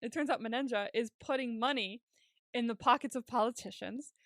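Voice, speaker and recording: Speaking a little fast in a voice on the high side, a woman co-hosting a podcast walks through a TV episode casually. She laughs frequently and acts out what the characters say with lively energy. There's no room sound; the audio is studio quality.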